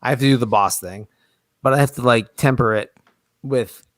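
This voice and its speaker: A man's voice: medium pitch, normal speed, dry recording. A man talks in a loose, rambling way, stumbling over repeated words and correcting himself mid-thought. His voice is dry and close to the mic, with no room sound around it, and sits in a middling register. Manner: rambling, many restarts and self-corrections. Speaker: podcast guest, small business owner. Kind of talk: casual chat.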